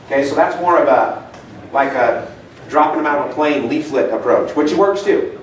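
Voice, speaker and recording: A chatty man talks to a live seminar audience, spinning casual stories and tossing questions at the room. His voice sits a touch high and comes from some distance off the mic. A big, echoey room and a faint hiss hang around every word. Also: moderate pace. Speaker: seminar speaker. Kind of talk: live seminar talk with anecdotes. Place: meeting room.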